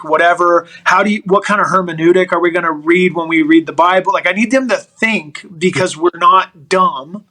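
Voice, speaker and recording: A middle-aged man, a guest on an interview show, telling personal stories in an animated, excitable way. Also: sits high, low-quality recording. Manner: animated, excitable storytelling with restarts and laughs. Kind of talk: personal storytelling in a podcast interview.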